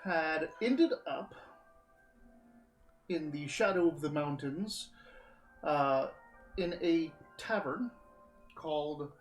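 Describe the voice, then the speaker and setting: A man running a live tabletop game as game master, describing scenes and often pausing on "uh" while he recalls names. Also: a little high, expressive, soft background music, rough recording.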